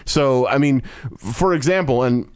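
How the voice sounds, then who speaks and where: A man's voice: medium pitch, a little slow, a little mellow, clean tone. A man co-hosting a casual movie podcast, ranting bluntly and swearing freely. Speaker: podcast co-host. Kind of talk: casual movie review chat.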